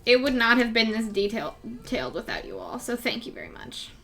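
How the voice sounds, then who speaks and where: A woman's voice: fairly high pitch, wildly swooping pitch, a little fast, pushed and bright, faint music behind. A young woman chatting casually with her viewers and her cat during a live drawing stream.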